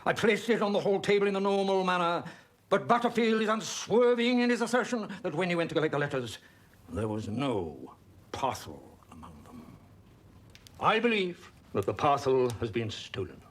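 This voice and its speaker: An actor playing a pompous, suspicious older magistrate who speaks in a stiff, formal way, in a television period comedy. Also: male voice, high-pitched, sing-song, normal speed. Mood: stern.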